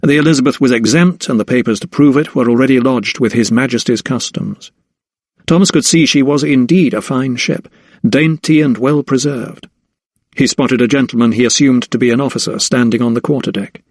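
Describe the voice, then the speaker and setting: Male audiobook narrator, mid-pitched, measured and even, dry close read. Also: no room sound. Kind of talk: scripted narration.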